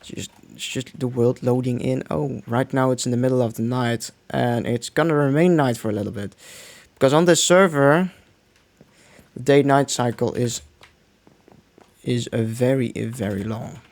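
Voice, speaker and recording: A man talks his way through a game stream in a loose, rambling way. He trails off, restarts sentences and mutters to himself while he plays, at a middling pitch. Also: moderate pace, gravelly, a little mellow. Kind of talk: casual gameplay commentary.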